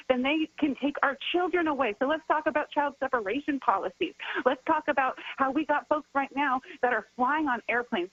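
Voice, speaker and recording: On a dry, lo-fi recording, a political strategist and organizer calls in as a radio guest, saying they're sick. Their voice is high-pitched and fairly bright with a breathy edge, and they grow impassioned and heated, repeating themselves to hammer their points home.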